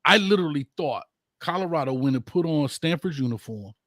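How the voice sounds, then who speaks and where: A man hosting a casual sports debate, excitable and quick to cut in. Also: on the high side, dry recording, studio quality. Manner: excitable, cuts in often. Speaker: host.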